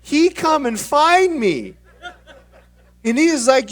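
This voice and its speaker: High-voiced man telling stories on stage. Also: slow, far from the mic. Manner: animated storytelling with acted dialogue. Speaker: motivational speaker. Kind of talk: motivational keynote storytelling. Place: conference stage.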